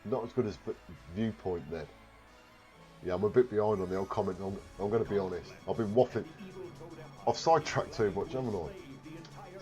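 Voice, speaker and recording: Over music, a Warwickshire man with a lowish voice chats on a live stream at a moderate pace, leaving long pauses. He reads viewer comments aloud, drifts off on tangents, makes himself the butt of jokes, and swears casually.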